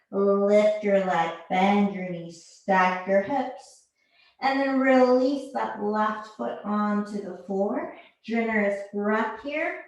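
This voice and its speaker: A woman leads a yoga class, cueing each pose and breath in a slow, unhurried way. Her voice rings out in a strongly echoing room. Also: medium pitch. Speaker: yoga instructor. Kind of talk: guided yoga class instruction. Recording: very echoey room.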